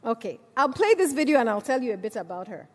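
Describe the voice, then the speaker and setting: A woman's voice: fairly high pitch, sing-song, quick pace, darkish tone, big-room sound. A woman giving a conference speech, persuasive and rallying, with rhetorical questions. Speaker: conference speaker.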